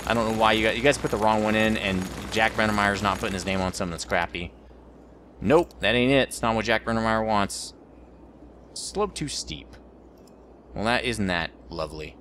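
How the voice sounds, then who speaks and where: A man's voice: on the low side, a little fast, fairly bright tone, slight background noise. A man rambling through let's play commentary as the host of a gaming channel, joking about his own mistakes.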